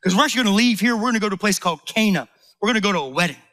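A man's voice: sits high, animated, rapid-fire, bright, forceful tone. A man acting out Jesus as a casual, enthusiastic man laying out his plans in slangy talk. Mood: upbeat.

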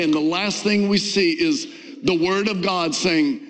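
A man preaching a sermon to a church congregation, emphatic, with drawn-out stresses and pitch that climbs on key words. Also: a bit bright, long reverb tail, rough recording. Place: church sanctuary.

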